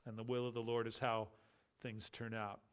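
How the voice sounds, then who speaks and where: Guy reading bible passages out loud then explaining them, slow and serious, gets quieter on the sad bits. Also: fairly low pitch, little pitch movement, clear, resonant tone. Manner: measured, grave, slows and softens on sorrowful passages. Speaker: Bible teacher. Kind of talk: reading scripture aloud and commenting.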